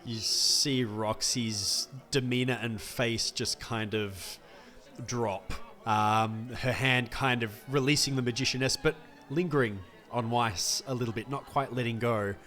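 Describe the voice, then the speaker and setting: A man playing in a tabletop role-playing game, narrating his character's reactions in a slow, descriptive way. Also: mid-range voice, fairly even intonation, sharp tone. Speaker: player.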